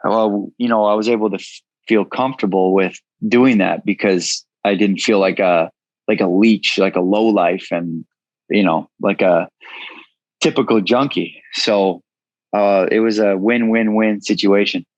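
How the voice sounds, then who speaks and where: A man's voice: on the low side, fairly even intonation, a little slow, dry recording, poor audio. A man in his thirties, a guest in an interview, telling his story frankly and casually, swearing freely. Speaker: guest, entrepreneur.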